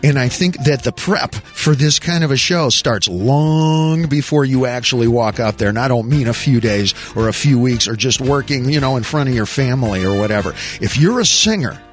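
A man hosting a morning radio show, rambling and jokey in a theatrical way, in a studio. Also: mid-range voice.

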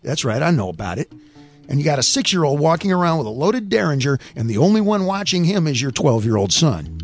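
A man performing a stand-up comedy rant, animated and opinionated, often mimicking other people's voices. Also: a little high, quick pace, faint music behind.

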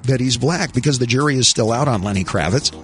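A man hosting a talk radio show, wisecracking and animated with rhetorical questions. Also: medium pitch, fast, music in the background.

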